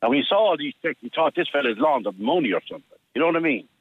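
A man's voice: fairly high pitch, sing-song, husky. Irish man telling a story over a tinny phone line. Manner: halting storyteller with many restarts, acting out dialogue. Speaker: caller.

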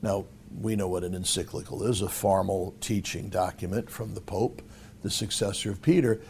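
Male cardinal, lowish voice, halting interview talk. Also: fairly even intonation, a little mellow, a little hiss or hum. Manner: conversational, halting with fillers. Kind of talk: interview commentary.

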